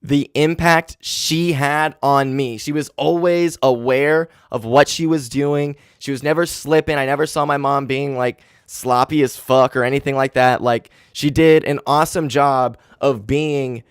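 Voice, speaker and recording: A man in his twenties hosting a solo podcast, talking candidly and with grief, swearing often and filling pauses with "like". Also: medium pitch, steady tone, smooth, dry recording, studio quality. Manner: candid, grieving, heavy swearing and fillers. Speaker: podcast host. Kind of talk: casual solo podcast monologue. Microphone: handheld podcast mic.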